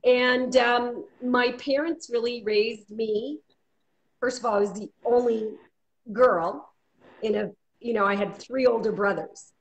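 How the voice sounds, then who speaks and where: A woman's voice: on the high side, measured pace, muffled recording. A woman from Maine, a guest on a live video call interview, chatty and greeting viewers by name. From Maine, USA.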